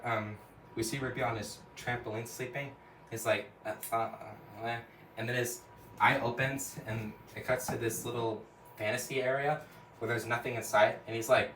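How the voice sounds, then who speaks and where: A man's voice: mid-range voice, fairly even intonation, normal speed, fairly bright tone, slight background noise. A man casually retelling a cartoon episode scene by scene, rambling with lots of "and then" and "like". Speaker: storyteller. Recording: echoey room, from a distance.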